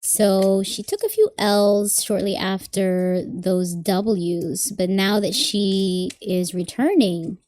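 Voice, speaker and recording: Chatty woman with a mellow voice. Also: mid-range voice, expressive, takes it slowly, few pauses, dry recording, clean studio sound. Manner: chatty, thinking aloud, with hedging asides. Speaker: tarot reader. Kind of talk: live-stream tarot reading.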